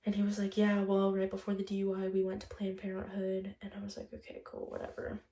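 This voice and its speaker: A woman's voice: medium pitch, completely flat delivery, quick pace, dark tone, echoey room. A young woman vlogger telling a breakup story in a chatty, casual monologue, swearing often and retelling conversations line by line.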